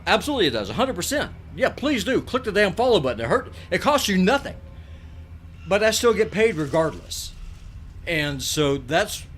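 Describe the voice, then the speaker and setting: A man's voice: fairly high pitch, fairly bright tone. A middle-aged man, chatting bluntly and ramblingly while streaming a game from a desk mic. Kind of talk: casual live-stream chat while gaming.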